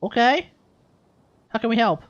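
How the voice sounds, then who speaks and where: An Australian woman streaming a game live, chatting excitedly and talking to her viewers. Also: fairly high pitch, unhurried, lo-fi sound, background noise. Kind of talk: live gameplay commentary.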